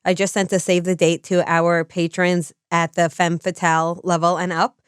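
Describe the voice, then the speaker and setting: A woman hosts a podcast in a smooth, resonant voice pitched a little low. She talks in an organized, explanatory manner. The sound is dry and close, with no room echo. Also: flat delivery, normal speed. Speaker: podcast co-host and lecturer. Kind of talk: casual podcast chat.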